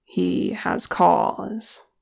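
Soft-spoken, measured elf; reader doing the voice, slow, with some gravel. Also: mid-range voice, steady tone, full character voice. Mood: remorseful. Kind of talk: fan fiction audiobook reading.

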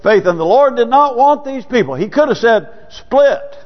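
High, lively preacher in a reverberant hall. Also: male voice, brisk. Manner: folksy, conversational preaching with sudden rises. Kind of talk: sermon. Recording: dull, lo-fi church recording with long reverb.

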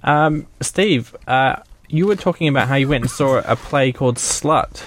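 A man hosts a live stream in a relaxed, easygoing way, asking questions and explaining how viewers can chat. His voice sits at an ordinary middle pitch. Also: moderate pace, a little hiss or hum. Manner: easygoing, short back-channel replies. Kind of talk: casual chat.

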